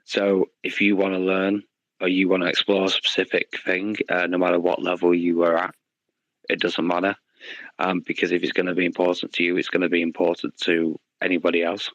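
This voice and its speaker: Low flat-voiced man in casual chat. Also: a little fast, no echo, lo-fi sound. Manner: friendly, advising, calls listener "bud". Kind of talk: casual audio chat room talk.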